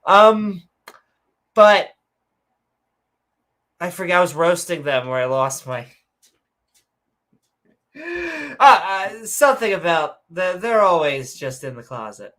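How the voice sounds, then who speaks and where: On this casual podcast, a female co-host with a lowish, fairly bright voice and lively intonation reads out viewer comments. She's unhurried, leaves long pauses, and rambles sarcastically with plenty of fillers, jokes, and corrections of herself.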